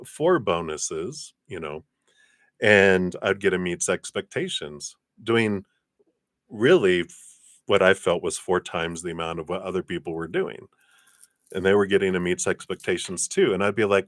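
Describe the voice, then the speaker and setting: A man giving a casual talk on gratitude and energy during a livestream reading, animated and laughing as he acts out his own past thoughts. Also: low-pitched, dry recording, studio quality. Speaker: tarot reader on a livestream.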